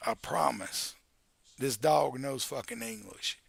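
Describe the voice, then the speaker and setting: Gravelly man in his forties streaming. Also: medium pitch, takes it slowly, no echo. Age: 40s. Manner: rambling and joking, with baby talk to his dog. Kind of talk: casual live-stream chat. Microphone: headset.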